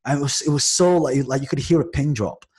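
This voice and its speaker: A man from Manchester, a podcast guest, telling a lively story in casual conversation, with frequent restarts and acted-out quotes. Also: medium pitch, fast. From Manchester, England.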